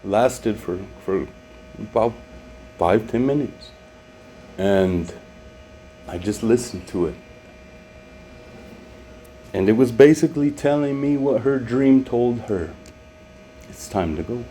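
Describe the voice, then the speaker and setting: A man telling his personal testimony in an unscripted, halting way, with many fillers and restarts, at times growing emotional. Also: mid-range voice, mellow, a little hiss or hum. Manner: becomes emotional, voice rising. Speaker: former truck driver giving a testimony. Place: home in Mexico.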